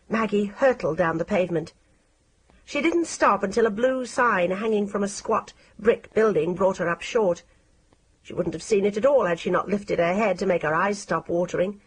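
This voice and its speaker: A woman narrating an audiobook in a measured, expressive reading style. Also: medium pitch, husky.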